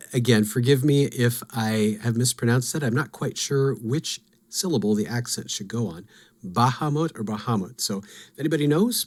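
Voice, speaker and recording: Musing man talking lore. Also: medium pitch. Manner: musing, self-deprecating. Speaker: podcast host. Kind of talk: casual lore talk.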